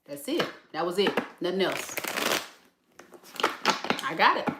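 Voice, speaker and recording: A woman's voice: on the low side, sing-song, unhurried, long pauses, reverberant, heavy background noise. A tired woman tarot reader, chatting casually and laughing in sassy slang during a live reading.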